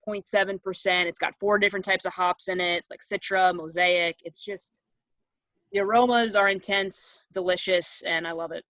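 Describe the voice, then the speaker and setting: Bright, bubbly young woman from Connecticut. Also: on the low side, fairly even intonation, normal speed, dry recording, rough recording. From Connecticut, New England. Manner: bubbly, chatty, laughs often. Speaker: podcast guest. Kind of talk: casual chat.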